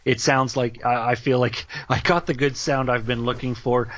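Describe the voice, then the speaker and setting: A man's voice: mid-range voice, little pitch movement, normal speed, fairly bright tone. A man with a nasal voice, co-hosting a casual sports podcast. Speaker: podcast co-host. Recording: dry, slightly dull home setup.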